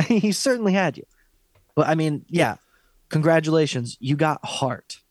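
A man's voice: a little high, lively intonation, measured pace, no room sound. Blunt, foul-mouthed male fight podcaster. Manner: blunt, profane and opinionated. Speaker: podcast co-host. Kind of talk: casual sports chat.

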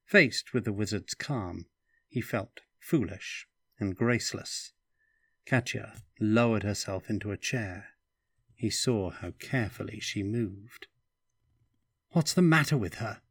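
A man narrating a fantasy audiobook in a slow, even reading voice. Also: fairly low pitch, vocal fry, husky, dry recording. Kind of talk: scripted narration.

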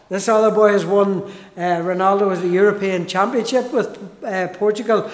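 A man preaching a sermon, slow and emphatic, who repeats key phrases for weight and restarts his sentences. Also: high voice. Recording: echoey hall with long reverb.

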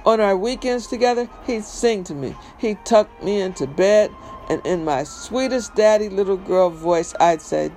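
A man's voice: high voice, normal speed, darkish tone, soft background music. A man reading a memoir aloud in an emphatic, conversational storytelling manner. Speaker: reader.

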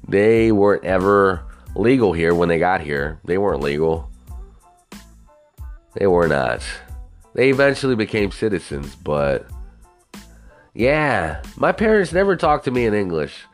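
A man from the United States speaks in a low voice that still swings widely up and down as he rambles. His talk is casual and profane, and he keeps turning to the listener with "you know what I mean?". Soft music plays faintly behind him. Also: sing-song, measured pace, long pauses. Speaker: monologuist.

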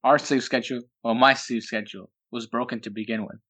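A man's voice: mid-range voice, steady tone, brisk, a bit bright. A man co-hosting a podcast in casual chat, telling rambling stories and laughing often. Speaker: podcast co-host.

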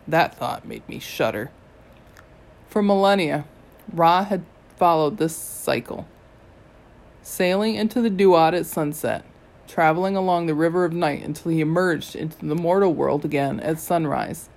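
A reader giving a steady, first-person audiobook narration. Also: medium pitch, a little slow, gravelly.

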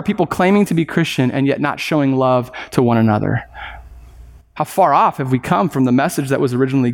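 A man preaching a sermon in an earnest, emphatic way, slowing down to stress key words. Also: on the high side, long reverb tail.

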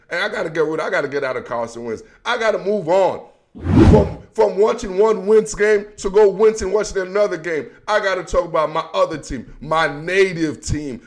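A man giving a casual, emphatic sports rant, full of slang and repetition. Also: a little high. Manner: emphatic, repetitive, slangy, calls listener bro. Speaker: sports commentator.

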